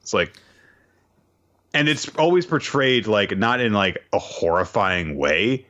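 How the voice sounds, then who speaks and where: A man talking in a relaxed podcast chat, laughing often and slipping into wry quoted lines. His low voice has a bright edge and swings widely in pitch. The recording sounds dull and lo-fi. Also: a little slow. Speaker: co-host. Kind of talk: casual chat.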